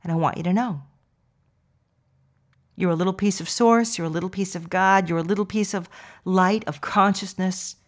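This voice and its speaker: A woman hosting a personal growth podcast, talking casually and then slowly speaking affirmations to the listener. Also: on the low side, steady tone. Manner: chatty, warm affirmations, laughs often. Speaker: podcast host.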